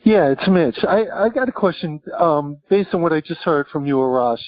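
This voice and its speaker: A man's voice: fairly high pitch, lively intonation, moderate pace, dry recording. A man calling in to a podcast and asking a question hesitantly, with many fillers. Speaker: caller. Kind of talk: asking a question on a call-in show. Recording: dull lo-fi sound.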